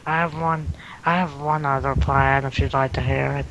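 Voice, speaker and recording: A man speaking as a player in a tabletop game, slow and methodical as he thinks out loud. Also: medium pitch, level tone, gravelly, muffled recording, slight background noise.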